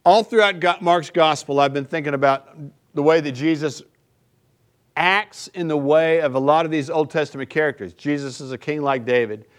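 A male pastor preaching a sermon in a conversational way, often checking in with the listeners by asking "right?". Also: on the high side.

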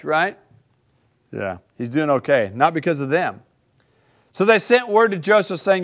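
A man's voice: on the high side, expressive, unhurried, pauses often. A male pastor preaching a sermon in a conversational way, often checking in with the listeners by asking "right?".

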